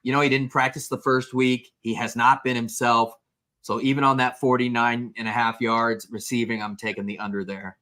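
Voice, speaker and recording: A man's voice: mid-range voice, little pitch movement, moderate pace, pushed and bright. A man co-hosting a sports betting podcast, talking in a laid-back, wry way. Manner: laid-back, wry, says dude a lot. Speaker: podcast co-host. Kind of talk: casual sports betting chat.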